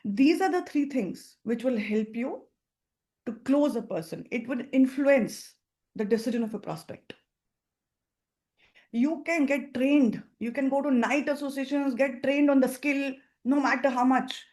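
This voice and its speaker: A woman's voice: high-pitched, a little slow. A woman with an Indian English accent giving an emphatic sales training talk, acting out example phone calls. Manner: acts out phone calls in lively voices, emphatic and instructive. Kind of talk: training talk to a seminar audience.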